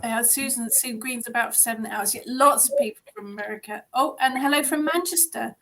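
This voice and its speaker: A woman's voice: on the high side, fairly quick, sharp tone, a little hiss or hum. A woman from England, hosting an online ritual and greeting participants in a chatty, bubbly way over a video call. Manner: chatty and bubbly, laughs often. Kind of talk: casual chat greeting participants.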